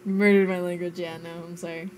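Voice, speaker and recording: A woman's voice: mid-range voice, animated, unhurried, fairly bright tone, slight background noise. A young American woman streaming a game, chatting casually with friends, giggling and swearing playfully. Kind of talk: casual chat while gaming.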